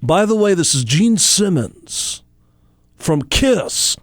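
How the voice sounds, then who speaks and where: A man doing an impression of a boastful, gruff male rock star with a pushy sales-pitch delivery. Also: big pitch swings, slow, no echo, clean studio sound, full character voice.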